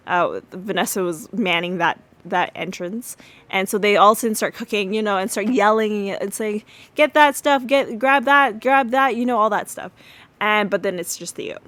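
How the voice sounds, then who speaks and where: A woman's voice: medium pitch, normal speed, a bit bright, dry recording. A woman hosting a podcast, casually retelling a TV episode with lots of fillers and acted-out quotes. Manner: chatty retelling with many fillers, acting out quotes. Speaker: podcast host.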